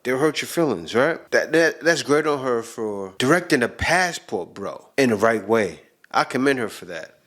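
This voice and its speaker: A man's voice: medium pitch, very animated, normal speed, a bit bright. A man hosting a channel, reacting to clips in casual, emphatic commentary and often repeating himself.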